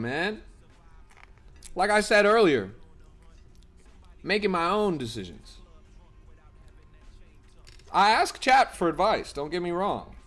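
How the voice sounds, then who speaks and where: A young man live-streaming his trades with a fairly high voice that leaps all over the place. He talks bluntly and profanely to his chat, swinging between low muttering and sudden loud shouts. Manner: excitable, bursts into loud shouts. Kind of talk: live trading stream commentary.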